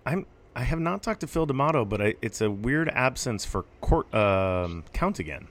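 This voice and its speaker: A man's voice: medium pitch, sing-song, normal speed. A man co-hosting a horse racing podcast, chatting casually in an easygoing, rambling way with fillers. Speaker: podcast co-host. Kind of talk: casual chat.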